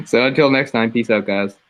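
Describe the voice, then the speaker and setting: A man's voice: mid-range voice, very animated, normal speed, faint music behind, poor audio. A young man hosting a casual movie commentary, rambling and laughing as he tells stories. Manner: rambling, laughs between words. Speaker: commentary host.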